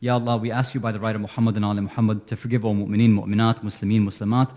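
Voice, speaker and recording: A man giving a religious sermon, telling a mournful story and rising into high, emotional wailing. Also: level tone, rapid-fire, warm tone. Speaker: speaker at an Islamic center. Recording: long hall reverb.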